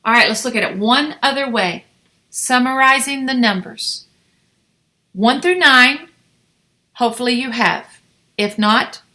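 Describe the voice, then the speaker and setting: A woman teaching Spanish numbers in a lesson, drilling the class with slow, encouraging repetition. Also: fairly high pitch, pushed and bright.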